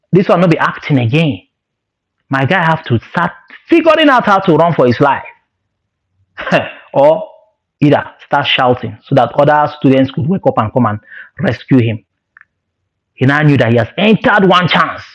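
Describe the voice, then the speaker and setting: A man with a Nigerian accent telling a story in a casual, animated way, with laughs and Pidgin asides. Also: a little high, husky. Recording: lo-fi dull sound.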